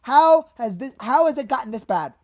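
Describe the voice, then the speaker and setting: A fed-up woman rants as a fan host, and her fairly high voice swings from low mutters to sudden shouts. She sounds worked-up and exasperated. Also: animated, moderate pace. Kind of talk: angry fan rant.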